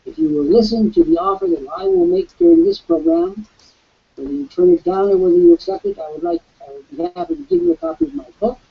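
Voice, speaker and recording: A man hosting a promotional webcast as an author, pitching an offer in a grand, salesman-like way. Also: big pitch swings, quick pace, creaky. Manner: grandiloquent, salesman-like delivery with sweeping pitch swings. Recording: dull lo-fi webcast audio.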